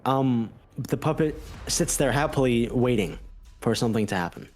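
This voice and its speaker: A man narrating as game master of a tabletop game, with halting restarts. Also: mid-range voice, expressive, darkish tone, faint music behind.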